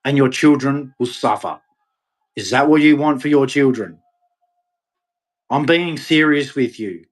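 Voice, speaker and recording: A man delivering an impassioned, ranting monologue to camera, with sudden loud, emphatic rises. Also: mid-range voice, unhurried. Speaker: vlogger.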